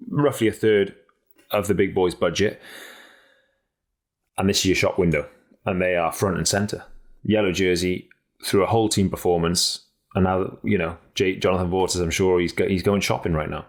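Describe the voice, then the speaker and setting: A man co-hosting a cycling podcast in casual chat, blunt and energetic, swearing freely and often restarting his sentences. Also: sits low. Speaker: podcast co-host and cycling pundit.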